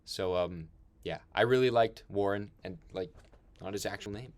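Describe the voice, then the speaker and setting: A young man hosts a loose, casual film chat, rambling along with plenty of fillers and laughs. His voice sits a little low. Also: moderate pace. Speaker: podcast host.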